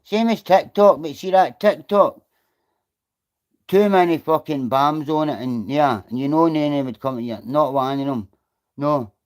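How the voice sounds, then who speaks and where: A middle-aged Scottish man streams live and talks straight to his viewers. His voice sits a little high for a man. He is blunt and swears freely as he answers comments. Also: normal speed. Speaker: livestreamer reading chat. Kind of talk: casual livestream chat.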